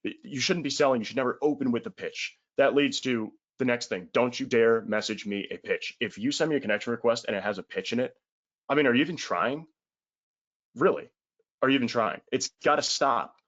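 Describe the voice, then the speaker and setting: A man's voice: medium pitch, brisk, a bit bright, lo-fi sound. A man giving a casual webinar sales talk, blunt and emphatic, in colloquial words with the odd swear.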